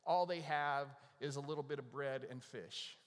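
A man's voice: mid-range voice, moderate pace. A male pastor preaching a sermon, retelling scripture in casual everyday speech. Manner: conversational preaching, paraphrasing scripture in everyday voices. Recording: long reverb of a large hall.

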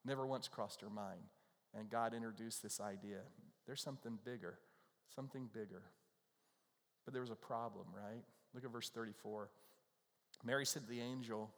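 A man's voice: fairly low pitch, moderate pace, pauses often. A male pastor preaching a sermon, emphatic and repetitive, often tossing "right?" back at the congregation. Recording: long hall reverb.

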